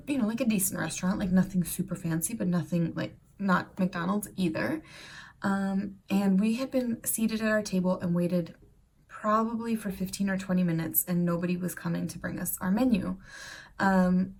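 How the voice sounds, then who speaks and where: A woman's voice: medium pitch, vocal fry, a little mellow, far from the mic. A woman from the United States talking casually to her viewers in a chatty, rambling way with many fillers and restarts. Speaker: vlogger. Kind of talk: casual talk to camera.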